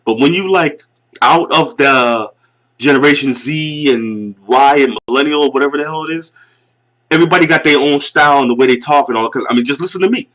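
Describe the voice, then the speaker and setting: This YouTube commentator, a man in his forties with a Northeastern US accent, rants bluntly and mockingly about a clip he's reacting to. His voice is on the high side, a bit bright, and fairly quick.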